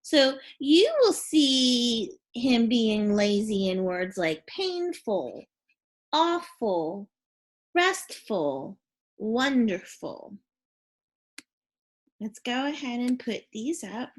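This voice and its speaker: A woman's voice: on the high side, big pitch swings. A woman teaching a phonics and spelling lesson to young children, sounding out letters and asking questions. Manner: slow, clear, sounding out letters and prompting questions.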